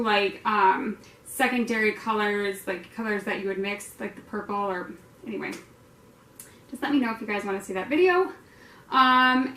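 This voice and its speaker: A woman runs a laid-back painting tutorial; her voice is a little high with a fairly bright tone. She chats and rambles, full of fillers, often teasing herself. Echo, a far-off mic and faint noise colour the recording.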